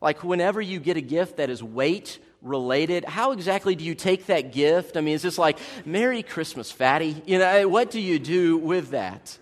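Male preacher, high-voiced, folksy and humorous, with a long hall echo. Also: normal speed, few pauses. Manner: conversational, humorous preaching with asides to the congregation. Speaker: pastor. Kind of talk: sermon. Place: church sanctuary.

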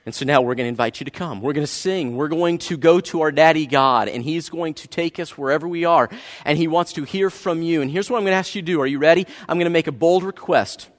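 High-voiced pastor preaching in a reverberant hall. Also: male voice, fast talker. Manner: earnest, pleading, drops to a hush at the close. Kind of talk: sermon. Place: large church sanctuary.

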